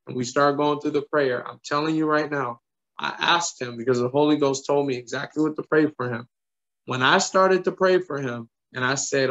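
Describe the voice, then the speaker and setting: A man preaching, retelling a story in lively quoted dialogue with emphatic repetition. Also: mid-range voice, brisk, highs cut off. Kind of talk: sermon storytelling.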